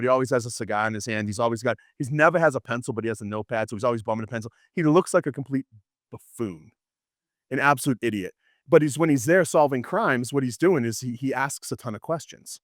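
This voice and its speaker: A man teaching apologetics to a class, lively and storytelling, often restarting his sentences. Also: medium pitch, quick pace, no room sound, clean studio sound. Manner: animated, storytelling, frequent restarts and laughs. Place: classroom with students.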